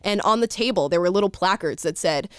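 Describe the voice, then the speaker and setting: An American woman hosting a casual talk show, animated and quick to laugh. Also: medium pitch, clean tone, no echo, clean studio sound. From United States. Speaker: host.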